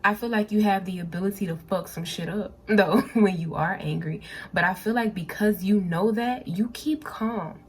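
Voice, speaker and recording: A woman's voice: mid-range voice, normal speed, hardly any pauses. A woman giving a pick-a-card tarot reading, talking casually and directly to her viewers and often repeating her phrases. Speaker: tarot reader.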